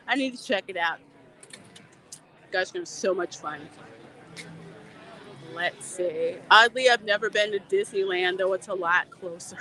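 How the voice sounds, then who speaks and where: A woman talks casually into her phone while livestreaming outdoors at a theme park. Her voice is bright and lively, and she laughs often as she reads viewer comments aloud. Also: medium pitch. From Louisiana.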